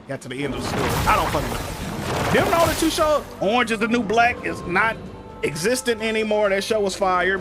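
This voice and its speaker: A man on a gaming stream rants at length, his voice sitting high for a man. His talk is loose, profane and full of slang. Game music runs behind him throughout. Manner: animated, profane, slangy storytelling. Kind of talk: casual rant on a gaming stream. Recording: music playing in the background.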